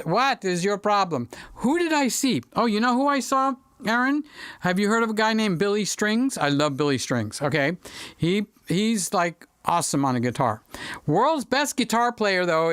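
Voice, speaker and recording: Into his studio microphone, a middle-aged man hosting a livestream reads viewer comments and keeps up joking, off-topic banter. He has a high, fairly bright and smooth voice, recorded without echo.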